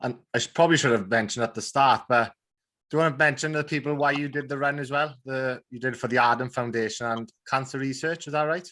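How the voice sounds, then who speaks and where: A man hosts a sport podcast in casual interview talk. He asks questions and answers with short, encouraging replies. His voice sits at a medium pitch. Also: steady tone, fast, bright, forceful tone. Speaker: podcast host.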